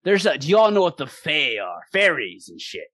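A man's voice: on the high side, huge pitch swings, normal speed, fairly bright tone, no room sound, full character voice. A man voicing an easygoing male orc sailor who rambles in an offhand way.

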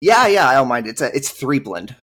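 A man's voice: mid-range voice, very animated, brisk, a bit bright, breathy edge. A man appearing as a podcast guest, talking about his family name in a friendly, hesitant way. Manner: friendly, hesitant, many fillers. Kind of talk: casual interview chat.

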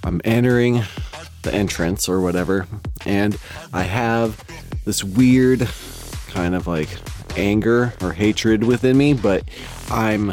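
A man's voice: fairly low pitch, takes it slowly, long pauses, a little mellow, soft background music. A man with a West Coast American accent telling a story in casual chat, profane and rambling, laughing between lines.

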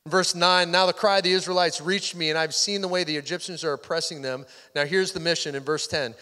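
Male pastor, slightly high voice, casual sermon delivery, reverberant sanctuary. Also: normal speed, sharp tone. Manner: conversational, drops to near-whisper for intimate points. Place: church sanctuary. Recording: hall reverb.

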